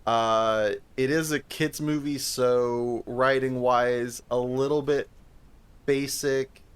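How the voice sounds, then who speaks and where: A podcast co-host chats casually about a movie, rambling, swearing plenty, and often restarting his sentences. His mid-range voice has a clean tone, fairly even intonation, and a slow pace.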